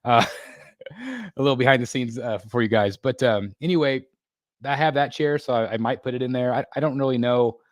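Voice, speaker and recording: A man's voice: mid-range voice, expressive, no echo. Guy hosting a live chat, mid voice, lots of ums and restarts, dead dry sound. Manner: halting, many fillers and restarts, laughs often. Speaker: livestream host. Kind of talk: casual live chat reading viewer comments. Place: home room being built.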